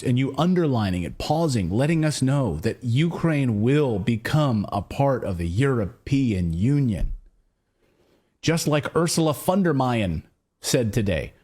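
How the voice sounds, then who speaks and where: An American man hosting a political commentary show in a sarcastic, animated, mocking manner. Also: a little high. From United States. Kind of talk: opinion commentary.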